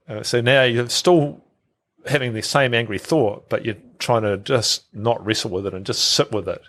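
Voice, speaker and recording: A man's voice: medium pitch, moderate pace, fairly bright tone. A middle-aged man, a podcast guest who talks casually, repeats words and acts out quoted thoughts. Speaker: guest, health researcher.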